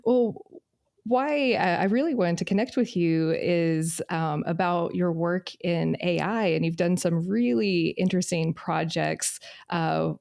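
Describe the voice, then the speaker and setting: Gravelly-voiced woman hosting an interview. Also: lowish voice, a little slow, a little mellow, dry recording, studio quality. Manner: enthusiastic, many fillers. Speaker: podcast host. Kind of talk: conversational interview.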